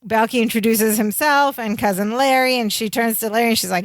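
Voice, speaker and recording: A woman's voice: on the high side, steady tone, fairly quick, few pauses, dry recording. A woman co-hosting a podcast, chatting casually through a sitcom recap, laughing along and using many filler words. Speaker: podcast co-host.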